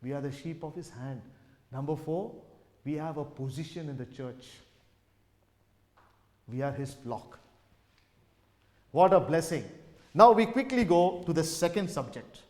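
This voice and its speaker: Emphatic preacher in a reverberant hall. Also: male voice, on the high side, lively intonation, a little slow, pauses often, a little mellow. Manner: emphatic, repetitive preaching with rising and falling emphasis. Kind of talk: sermon. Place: gospel hall. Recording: long reverb of a gospel hall.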